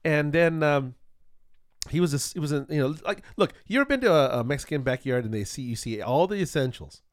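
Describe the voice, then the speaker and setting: Lively rambling man co-hosting a podcast. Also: fairly high pitch, brisk, no echo, clean studio sound. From West Los Angeles. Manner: rambling, searching for words. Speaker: podcast co-host. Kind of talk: casual chat.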